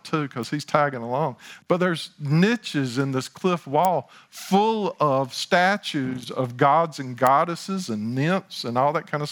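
A man preaching a sermon as pastor, building to slow, emphatic lines, with chatty asides and talk of himself in the third person. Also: a little high, fairly bright tone.

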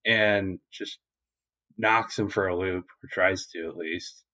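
A man's voice: sits low, fairly even intonation, slow pace, bright, forceful tone. A man co-hosting a podcast, recapping an episode in a rambling, filler-heavy, profane way. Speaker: podcast co-host. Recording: dull lo-fi recording.

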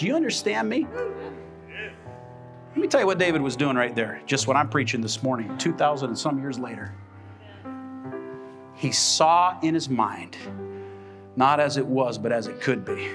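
A man's voice: on the high side, animated, normal speed, music in the background. A man preaching a sermon as pastor, emphatic and calling out for responses from the congregation. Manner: emphatic, with call-and-response questions. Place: church sanctuary.

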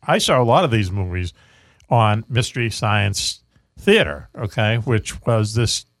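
A man's voice: fairly low pitch, lively intonation, measured pace, dry recording, clean studio sound. A man hosting a radio talk show, chatting casually in a rambling way with lots of fillers and chuckles. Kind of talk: casual chat.

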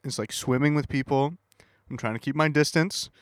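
A man co-hosts a casual podcast, telling animated, profane stories. His pitch sits mid-range and the sound is dry and close. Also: normal speed, no room sound. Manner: animated storyteller, profane, acts out people he met. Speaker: podcast co-host. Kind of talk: casual chat.

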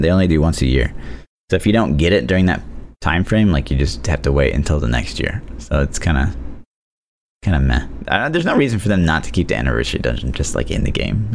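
A man co-hosting a casual gaming podcast, talking in an animated, rambling way with lots of fillers. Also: sits low, a little hiss or hum. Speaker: podcast co-host.

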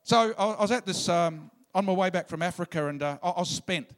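A man preaching a sermon in an animated way, sometimes bursting into loud shouts. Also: high-pitched, brisk.

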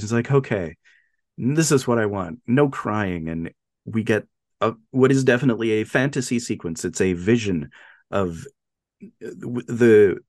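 A man's voice: on the low side, dry recording, studio quality. A man co-hosting a podcast, retelling a film plot in casual chat and acting out quotes in a raised voice. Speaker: podcast co-host.

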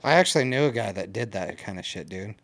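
A man's voice: lowish voice, expressive, fast, gravelly, a bit bright. A man co-hosting a podcast, talking casually and with a lot of profanity. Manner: laid-back, profane, says dude a lot. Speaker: podcast co-host. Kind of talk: casual chat.

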